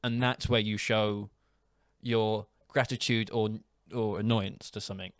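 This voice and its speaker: A man's voice: on the low side, steady tone, a little slow, smooth, dry recording, clean studio sound. A young man hosting a casual podcast, rambling through anecdotes and laughing often. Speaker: podcast host. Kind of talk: casual chat.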